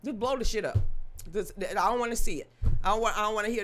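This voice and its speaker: Animated woman hosting a casual livestream. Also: on the high side, a little fast, faint music behind. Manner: animated, joking, laughing asides. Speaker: livestream host.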